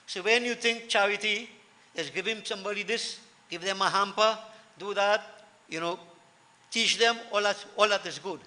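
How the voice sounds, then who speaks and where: A man's voice: high-pitched, normal speed, pushed and bright. A man giving a sermon to devotees, earnest, repeating key lines for emphasis. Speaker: preacher. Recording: long hall reverb.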